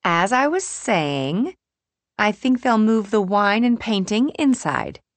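A woman reading an audiobook, voicing May, an organized young woman friend who keeps to the plan in a brisk, matter-of-fact way. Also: medium pitch, lively intonation, no echo, pitched above the performer's own voice.

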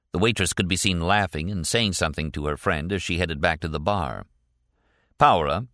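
A man narrating an audiobook in a measured, even storytelling voice. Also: sits low, no room sound, studio quality.

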